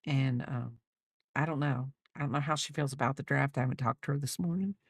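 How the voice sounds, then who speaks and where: A woman's voice: extremely low pitch, brisk, husky, no room sound, clean studio sound. A middle-aged woman hosting a crochet channel, chatting casually with viewers and rambling off mid-sentence. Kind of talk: casual chat while crocheting, replying to viewers.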